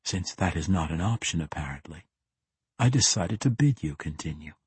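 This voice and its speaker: A cold assassin speaks in a calm, measured, threatening way, as a male reader puts him on. The voice is low and husky, recorded dry and close for an audiobook. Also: no room sound, heavily acted. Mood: menacing. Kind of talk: audiobook character voice.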